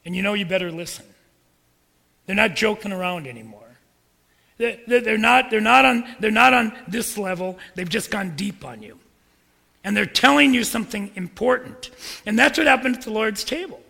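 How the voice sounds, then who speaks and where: A man preaching a sermon as pastor, emphatic and repetitive, building up to forceful peaks. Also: high-pitched, animated, normal speed, gravelly, in a large hall.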